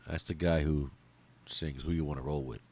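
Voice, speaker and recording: A man hosting a podcast, reading out a memorial list in a heartfelt, angry way, swearing and pausing as he falters. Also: rumbling low, fairly even intonation, a little mellow, husky. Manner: heartfelt, angry and profane, with halting pauses. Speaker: podcast host.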